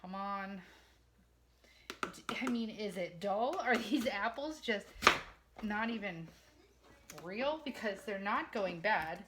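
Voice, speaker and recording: A woman's voice: mid-range voice, lively intonation, slow, pauses often, very noisy. A woman in her forties, chatting casually and poking fun at herself as she talks to viewers while cooking in her home kitchen. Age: 40s.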